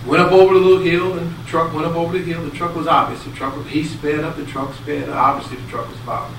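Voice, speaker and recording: Animated preacher echoing through a hall. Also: male voice, on the high side, fast talker, recorded from a distance. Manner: animated storyteller, acts out quotes, swings from loud to hushed. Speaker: speaker giving a Bible talk. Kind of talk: sermon with storytelling. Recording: echoey hall, speaker away from mic, audible noise.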